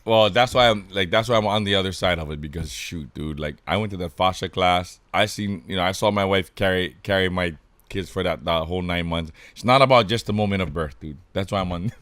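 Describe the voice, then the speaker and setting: A man from Hawaii, co-hosting a podcast and telling stories in an animated, laughing way, full of slang like dude and bro. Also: low voice, brisk, dry recording. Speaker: podcast co-host. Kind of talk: casual storytelling chat.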